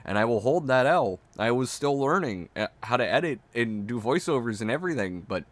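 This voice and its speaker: A man's voice: medium pitch, expressive, fairly quick, hardly any pauses, no room sound. A man with a Canadian accent doing profane, exasperated reaction commentary on stream. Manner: exasperated, profane, loud mocking outbursts.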